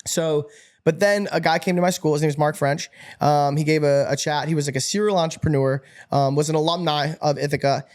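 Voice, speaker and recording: Fast-talking, excitable young man. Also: fairly high pitch. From upstate New York. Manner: energetic, animated, swears and laughs often. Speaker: podcast guest. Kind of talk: casual storytelling interview.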